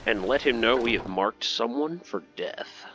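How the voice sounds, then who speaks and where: A man's voice: medium pitch, animated, moderate pace, pushed and bright, faint music behind. A man giving casual, playful commentary while playing a video game, chatty and jokey. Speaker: gameplay commentator.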